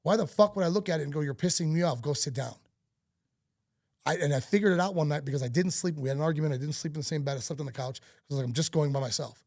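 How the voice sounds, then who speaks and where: A man's voice: a little high, fast, darkish tone, dry recording, clean studio sound. A man hosting a podcast who speaks candidly and from the heart, telling a personal story in a casual conversation. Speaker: podcast host.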